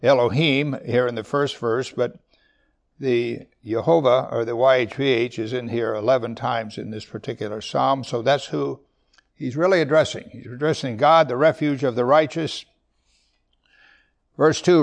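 A man preaching a sermon, reading verses slowly and loudly, with quick, quieter asides in between. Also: mid-range voice, creaky. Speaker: pastor. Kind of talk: sermon, Bible teaching.

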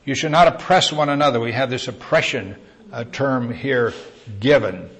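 A man's voice: medium pitch, normal speed, a bit bright. Man preaching a conversational sermon. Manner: conversational teaching, rising with emphasis on key words; asks the listeners questions. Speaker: pastor.

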